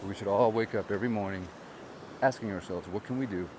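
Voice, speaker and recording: Walking along the shore with a gimbal-stabilized handheld camera, this vlogger and real estate agent speaks quickly in a lowish voice. There is background noise, and he addresses his audience with blunt frustration.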